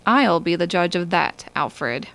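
A woman's voice: mid-range voice, lively intonation, moderate pace, vocal fry. A woman voicing a stern, precise robot psychologist who speaks in a cold, clipped way in an audiobook.

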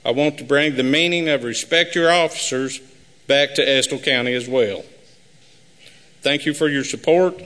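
A man running for sheriff, reading a prepared campaign speech at a live forum in an earnest, measured way. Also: mid-range voice, a bit bright. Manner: earnest, measured, repetitive pledges. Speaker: sheriff candidate. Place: high school forum hall. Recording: live hall with long reverb.

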